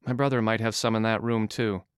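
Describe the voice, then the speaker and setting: A man's voice: on the low side, level tone, brisk, clear, resonant tone, no echo, studio quality, close to an everyday voice. A man voicing a determined, resourceful young woman who speaks firmly and directly in an audiobook. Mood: matter-of-fact. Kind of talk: audiobook character voice.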